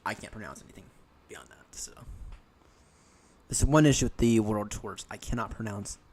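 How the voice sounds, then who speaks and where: A man's voice: lowish voice, fast, noisy background. A young American man chatting casually while streaming a flight simulator, rambling and often correcting himself. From United States. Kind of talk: casual live-stream chat.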